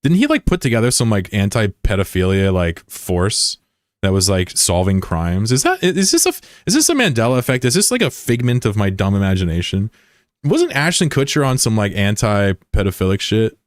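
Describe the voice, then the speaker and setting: A fairly low-voiced man chatting casually on a game stream, loose and joking, full of slang as he greets viewers and reads their messages. The sound is dry and close, with almost no room around him. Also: sing-song, normal speed, dry recording.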